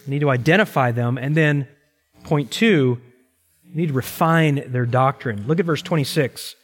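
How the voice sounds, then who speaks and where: A man's voice: mid-range voice, soft background music. Emphatic male pastor preaching in a hall. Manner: emphatic, repeats key phrases slowly. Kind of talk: sermon. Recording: long reverb in a large hall.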